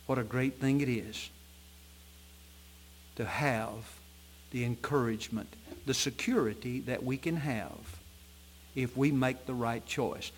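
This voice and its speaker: A man preaching an evening sermon in a church, reading scripture in old-fashioned wording and swinging between loud emphatic peaks and low, soft passages. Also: takes it slowly, pauses often, a little hiss or hum. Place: church sanctuary at an evening service.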